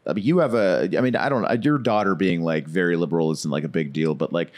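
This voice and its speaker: A man's voice: sits low, quick pace, a little mellow. A man co-hosting a comedy podcast, laid-back and drawling, peppering his talk with "dude" and "man". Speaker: podcast co-host. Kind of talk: casual podcast chat.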